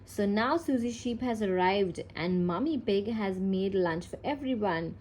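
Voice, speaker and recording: A woman's voice: mid-range voice, expressive, a little slow, darkish tone, slight background noise. A woman reading a children's picture book aloud at home, talking casually between pages with fillers and small slips. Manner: reads plainly with fillers and self-corrections, little character voicing. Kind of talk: casual read-aloud with commentary.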